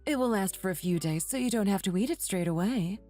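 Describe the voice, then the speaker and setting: A woman voicing a meek, apologetic older mother who speaks gently. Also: mid-range voice, expressive, a little fast, soft background music, natural voice.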